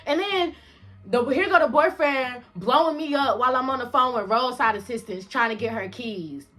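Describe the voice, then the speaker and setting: Bright-voiced woman telling a profane story. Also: on the high side, normal speed, soft background music. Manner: profane, animated, exasperated. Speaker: indie rap artist telling a story. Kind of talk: casual storytime vlog.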